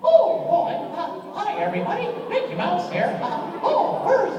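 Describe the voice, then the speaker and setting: A man doing a squeaky, excitable falsetto impression of a cheerful cartoon mouse. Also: a little slow, dull audio, full character voice. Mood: giddy. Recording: echoey hall from far off, loud crowd.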